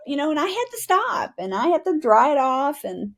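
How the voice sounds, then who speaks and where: A woman's voice: sits high, very animated, moderate pace, vocal fry, few pauses, a little hiss or hum. A middle-aged woman from the United States, a retired Army pilot, telling her story as a guest and often asking "right?". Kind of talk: storytelling interview.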